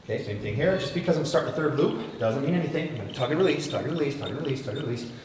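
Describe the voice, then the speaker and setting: A man giving a hands-on lesson as a horse trainer, with coaxing, rhythmic repeated cues and soft praise. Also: medium pitch, lively intonation, rapid-fire, background noise. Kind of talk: hands-on instruction.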